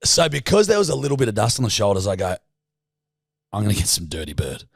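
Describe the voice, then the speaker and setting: A young Australian man spins a sweary story on a podcast, acting out each exchange. His voice has a gravelly, fry-edged texture. The sound is dry and close, with no room echo. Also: on the low side, quick pace. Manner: swears freely, animated anecdote with quoted dialogue. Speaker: podcast co-host. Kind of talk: casual storytelling chat.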